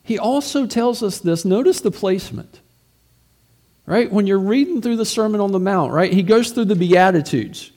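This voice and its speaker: A man's voice: high-pitched, expressive, normal speed, a little mellow. A man, a pastor, preaching a sermon in a conversational way, asking rhetorical questions and often repeating words as he goes.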